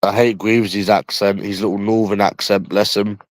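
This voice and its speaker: A young man from London rambles through a casual livestream, blunt and quick to swear. His voice sits a bit low, and the sound is dry and close with no room echo. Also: flat delivery.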